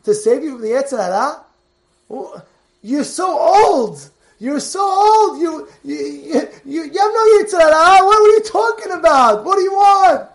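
A man's voice: very high-pitched, a little fast, vocal fry, voice pushed up. A man voicing an exasperated old wife. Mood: incredulous. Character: exasperated elderly wife scolding her husband.

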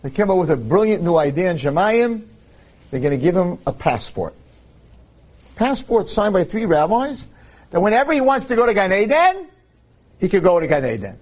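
A man speaking at a religious event, telling a joke story in an animated way. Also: sits high, moderate pace. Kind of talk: storytelling in a talk.

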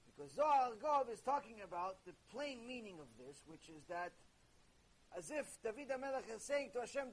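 Husky high-voiced male teacher. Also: brisk, poor audio. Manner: animated, conversational, with sudden jokes. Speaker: religious teacher. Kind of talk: recorded ethics lecture.

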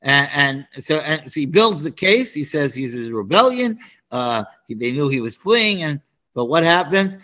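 A man teaching a Torah class, animated and prone to restarts and asides. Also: mid-range voice, a little slow. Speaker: Bible teacher.

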